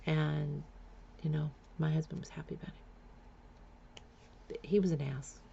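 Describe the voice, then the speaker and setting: A woman's voice: deep voice, fairly even intonation, a little slow, vocal fry, mellow, muffled recording, slight background noise. A woman frankly telling a personal life story in a blunt, confessional way. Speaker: memoir storyteller.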